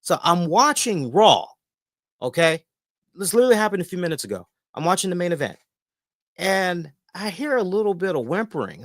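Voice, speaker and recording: A man hosting a wrestling review show, chatting casually and telling stories in an animated way with lots of filler words. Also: sits high, moderate pace, no room sound, clean studio sound. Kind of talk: casual chat.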